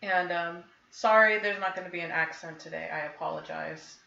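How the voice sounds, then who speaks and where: A woman's voice: fairly low pitch, steady tone, normal speed, creaky, pushed and bright, dull audio. Woman tabletop player, casual and giggly, echoey room, faint hiss. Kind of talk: playing a tabletop game.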